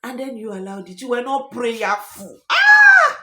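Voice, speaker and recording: A woman's voice: fairly high pitch, moderate pace, roomy sound, heavy background noise. A woman with a Nigerian accent giving dramatic, mocking reaction commentary as a vlogger.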